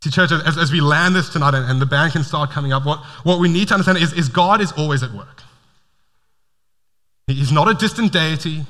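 A man's voice: on the high side, fairly quick, fairly bright tone. A man preaching a sermon as a pastor, earnest, often repeating his first words as he starts a sentence. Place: church hall. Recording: long hall reverb.

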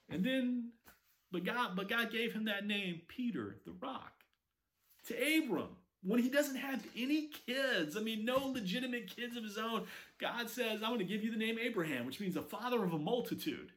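A man preaching a sermon, telling stories with lively acted-out quotes. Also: high-pitched, moderate pace. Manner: animated storytelling with acted quotes. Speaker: pastor.

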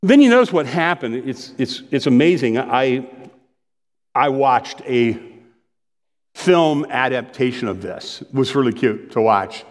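Animated middle-aged male preacher. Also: mid-range voice, a little slow, in a large hall. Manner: animated storytelling, self-interrupting. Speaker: pastor. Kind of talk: conversational sermon.

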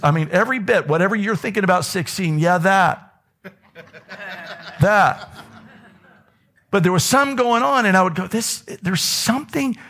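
A pastor preaching from the front of a church, his voice pitched a little higher than most men's. He tells his stories with energy, climbing high for emphasis and then sinking to a near whisper. His delivery is lively and conversational. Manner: animated storytelling with wide swings in pitch, dropping to whispers. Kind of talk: sermon. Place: church sanctuary.

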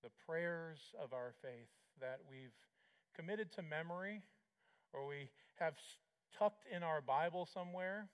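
A male pastor giving a sermon in a somewhat high voice. He speaks in a measured, reflective way, with small pauses and hesitations. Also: clean tone.

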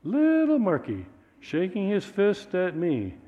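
A man's voice: high-pitched, huge pitch swings, slow, mellow, lo-fi sound. A man preaching a sermon as a pastor, in a conversational, joking storytelling manner. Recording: echoey hall.

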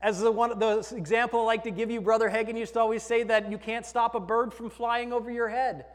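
A man's voice: very high-pitched, level tone, a little fast, big-room sound. A man preaching a sermon to his congregation in a conversational way, joking with the people in the pews. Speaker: pastor. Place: church sanctuary.

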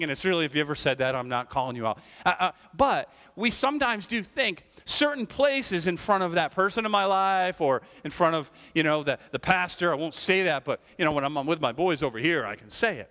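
High-voiced man preaching in a hall. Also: very animated, fairly quick, hardly any pauses, pushed and bright. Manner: conversational preaching, frequent "right?" tag questions. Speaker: pastor. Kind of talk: sermon. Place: church.

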